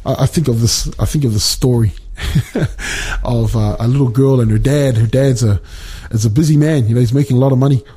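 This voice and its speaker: Mellow, husky man in a halting devotional talk. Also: mid-range voice. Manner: halting, many restarts and fillers. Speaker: Bible study speaker.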